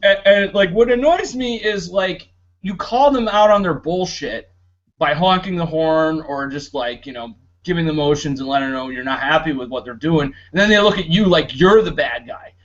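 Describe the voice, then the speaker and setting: A man's voice: a little high, moderate pace, lo-fi sound. A man co-hosting a podcast in casual chat, griping and mimicking annoying drivers. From Florida. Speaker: podcast co-host.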